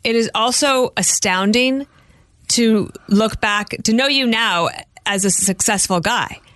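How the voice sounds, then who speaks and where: A woman's voice: a little high, unhurried, a bit bright, no echo. A woman hosting a podcast interview, speaking enthusiastically about her guest. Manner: enthusiastic, brief reactions. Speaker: podcast host. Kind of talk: interview conversation.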